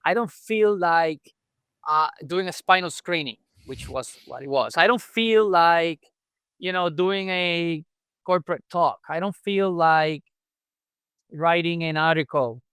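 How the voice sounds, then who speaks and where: A man's voice: a little high, a little slow, fairly bright tone, clean tone, dry recording. A chiropractor guest telling his story in a conversational podcast interview, acting out remembered dialogue as he goes.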